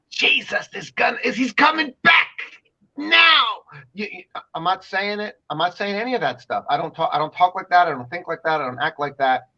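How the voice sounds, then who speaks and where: A man's voice: medium pitch, a bit bright. Emphatic rambling man, lo-fi sound. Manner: emphatic, rambling, repeats himself. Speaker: co-host. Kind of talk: casual commentary talk show.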